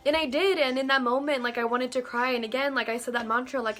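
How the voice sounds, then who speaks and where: A woman talking earnestly and gently in a casual, heartfelt monologue to camera, often saying "like" and "you know". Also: fairly high pitch, steady tone, normal speed. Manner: earnest and gentle, with many likes and you-knows. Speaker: vlogger sharing personal reflections.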